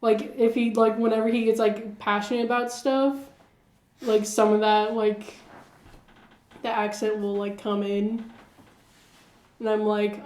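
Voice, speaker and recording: Woman co-host, slow unhurried delivery, giggly and chatty, recorded in a roomy echoey room. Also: mid-range voice, level tone, darkish tone. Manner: giggly, heavy use of "like" fillers. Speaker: podcast co-host. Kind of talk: casual chat.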